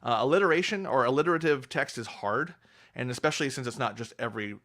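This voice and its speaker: A man's voice: mid-range voice, quick pace, a bit bright. Hesitant man chatting on a stream. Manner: hesitant, many fillers and restarts. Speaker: streamer reading a book aloud. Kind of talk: casual livestream chat.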